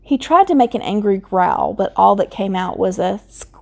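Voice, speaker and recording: Mellow woman reading a picture book. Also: mid-range voice, expressive, normal speed, gravelly. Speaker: storybook reader.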